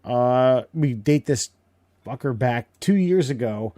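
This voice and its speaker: A man's voice: medium pitch, lively intonation, slow, mellow, dry recording. A man co-hosting a casual podcast, talking hesitantly with fillers and laughs.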